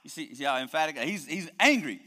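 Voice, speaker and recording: A man's voice: fairly high pitch, lively intonation, a little fast, sharp tone. Emphatic male pastor in an echoing hall. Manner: emphatic preaching with frequent word repetitions. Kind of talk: sermon. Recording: long hall reverb.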